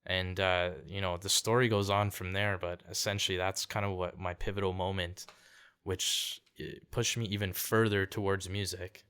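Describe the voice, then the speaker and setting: Young man from canada, deep voice, laid-back storyteller, podcast guest. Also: little pitch movement, normal speed, fairly bright tone, clean tone. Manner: laid-back, says "like" and "dude" often, acts out quotes. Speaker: podcast guest, singer-songwriter. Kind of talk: casual storytelling chat.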